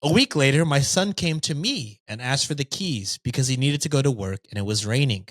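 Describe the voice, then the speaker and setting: A man reads a story aloud on a podcast, his pitch swinging widely as he goes. He stops now and then for a playful aside. The sound is close and dry. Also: brisk, no room sound. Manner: lively, reads with jokey asides. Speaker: podcast host reading stories.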